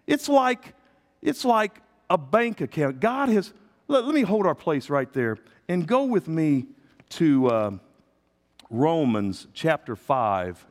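A middle-aged man preaching a sermon as pastor, calling out to his congregation, dropping to quiet asides and rising to loud emphatic peaks. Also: a little high, big-room sound.

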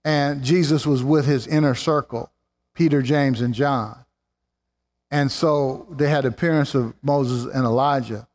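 Male preacher, slow, deliberate delivery, slightly high voice, fervent sermon in a reverberant church hall. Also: steady tone, a little mellow. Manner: fervent, rising to exclamations and slowing for emphasis.

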